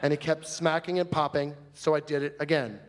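A stand-up comic in character uses a fairly high, near-everyday voice with little pitch movement, talking fairly quickly. On a stage mic in a live monologue, he plays a flamboyant, fussy, talkative man rambling prissily and gossiping about a grievance.

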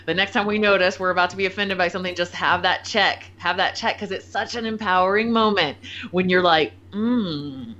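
Bright, animated woman podcast host. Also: on the low side, brisk. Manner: animated, laughs often, acts out quotes. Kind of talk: casual chat. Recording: muffled lo-fi sound.

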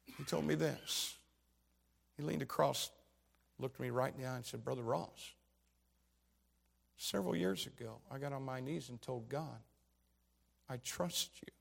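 A man preaching a sermon, retelling a story and quoting the people in it, his voice swinging from low and quiet to loud shouts. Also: measured pace, gravelly, long pauses, husky.

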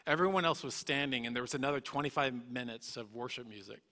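Earnest male storyteller with a bright, slightly high voice, recorded in an echoey hall. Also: quick pace. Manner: earnest, emotional storytelling with many restarts. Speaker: guest speaker. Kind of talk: personal testimony.

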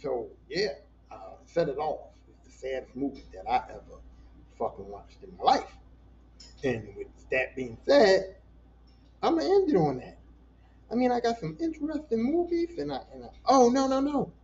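A man with a high, gravelly voice hosts a casual solo podcast at a moderate pace. He tells stories in an animated, profane, and emotional way. The lo-fi recording sounds dull, with a faint hiss behind him.

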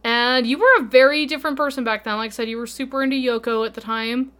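A playful woman in her thirties co-hosting a casual podcast. Her voice sits a little on the high side, and she laughs easily while stringing thoughts together with fillers. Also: steady tone, quick pace, a bit bright. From Utah, USA. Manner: giggly, playful, talks with many "like" fillers. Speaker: podcast co-host. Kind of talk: casual chat.

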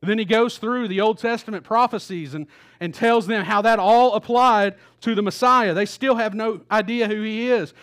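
A man with a high voice preaches in a church, telling the story in a relaxed, conversational way. He repeats his words now and then and acts out the quoted lines as he goes. He speaks into a stage microphone. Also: normal speed. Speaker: pastor. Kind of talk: sermon. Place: church auditorium.

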